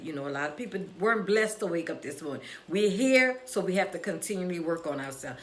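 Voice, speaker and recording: A woman's voice: fairly low pitch, slight background noise. Echoey woman preaching self-love. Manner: preachy, encouraging, addresses viewers as y'all. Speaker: livestream host and author. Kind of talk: motivational live stream talk. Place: her cafe, indoors. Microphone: phone or camera live stream.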